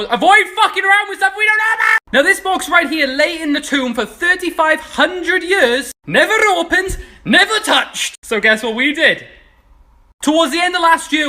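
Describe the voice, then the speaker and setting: A man doing comic science commentary, excitable and sweary, breaking into shouted punchlines. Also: very high voice. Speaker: social media creator.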